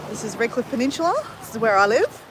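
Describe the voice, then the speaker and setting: An upbeat Australian woman chats on a live stream from the beach, greeting viewers one by one. Her voice sits a little high. Faint waves wash behind her. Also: lively intonation, fast, background noise. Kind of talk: casual live-stream chat. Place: outdoors at a beach at sunrise.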